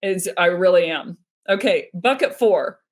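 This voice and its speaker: A woman in her thirties hosting a live stream, casual and animated, acting out little quoted exchanges as she explains. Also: fairly low pitch, unhurried. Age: 30s. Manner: animated, nerdy, acts out quoted dialogue.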